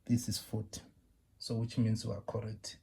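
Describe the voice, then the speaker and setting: A man with a South African accent teaches technical drawing step by step in a classroom demonstration, repeating phrases, often asking "you understand?" and scolding common mistakes. His lowish voice is monotone, gravelly and warm, at a moderate pace, with a little hiss or hum on the recording.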